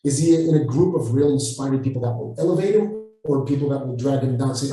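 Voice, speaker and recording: A man's voice: medium pitch, quick pace, soft background music. Blunt Israeli man, echoey and distant. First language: Hebrew. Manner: blunt, forceful, swears freely. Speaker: Krav Maga instructor, guest. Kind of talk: interview answers. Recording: echoey room, far from the mic.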